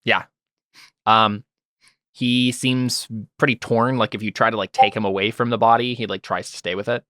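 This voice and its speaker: A man acting as game master, narrating and explaining in a relaxed way. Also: fairly low pitch, moderate pace, no echo, studio quality.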